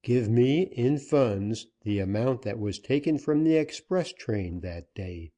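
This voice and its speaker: A grim western gunman laying down his terms, voiced by a male audiobook reader. He speaks coldly and deliberately, slow-paced, with a dark, mellow tone and only slight lift above the reader's plain voice. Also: medium pitch, expressive. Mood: commanding. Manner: commanding, cold, deliberate. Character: grim, steely male gunman seeking vengeance.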